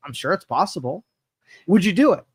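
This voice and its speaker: A man's voice: sits high, big pitch swings, brisk, slightly rough, no echo. A man co-hosting a local talk radio show, musing and speculating in casual chat. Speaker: co-host.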